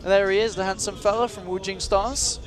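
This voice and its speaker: A British man casting a live strategy game match, lively and self-deprecating, sometimes correcting himself. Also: sits high, moderate pace, crowd noise. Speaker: esports commentator.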